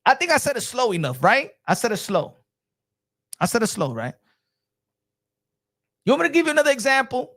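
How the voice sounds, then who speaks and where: A man's voice: very high-pitched, wildly swooping pitch, fairly quick, long pauses, a bit bright. A man hosting a boxing livestream, ranting at chat comments in an exasperated, repetitive and profane way. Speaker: boxing channel host. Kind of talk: livestream rant answering chat.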